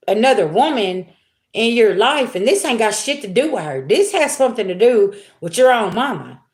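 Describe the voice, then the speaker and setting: A woman giving a casual tarot reading, talking straight to her viewers in a chatty way and checking in with them often. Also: mid-range voice. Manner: chatty, talks straight to viewers, frequent "okay?" and "y'all". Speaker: tarot reader. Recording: roomy echo.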